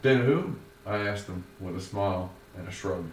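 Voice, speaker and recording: A man reads his own first-person story aloud in a wordy, formal, measured way. His voice sits on the low side. He is recorded from a distance in a roomy, echoing space, with faint noise in the background. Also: little pitch movement.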